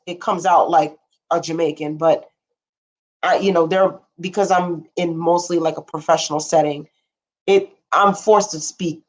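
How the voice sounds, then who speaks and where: A woman's voice: fairly low pitch, steady tone, moderate pace. A young woman hosting a casual livestream, rambling frankly with blunt asides and casual swearing, and answering viewer comments as she talks. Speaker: livestream host.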